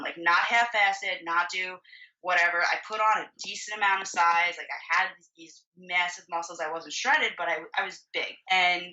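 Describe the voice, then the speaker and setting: Woman, twenties, podcast guest, bright voice, candid, swears, lots of "like", distant muffled audio. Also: lowish voice. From Florida. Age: 20s. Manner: candid, swears freely, peppers speech with "like". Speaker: podcast guest, bodybuilding competitor. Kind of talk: casual storytelling.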